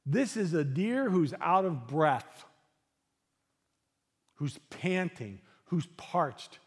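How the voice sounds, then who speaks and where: A man preaching a sermon as pastor, earnest and unhurried, dropping into soft, hushed passages. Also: a little high, in a large hall.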